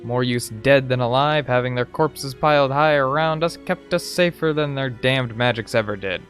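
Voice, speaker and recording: A man reading out a gruff, harsh male Marine drill sergeant from a video game, barking insulting commands. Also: mid-range voice, moderate pace, a bit bright, faint music behind, close to an everyday voice. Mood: stern.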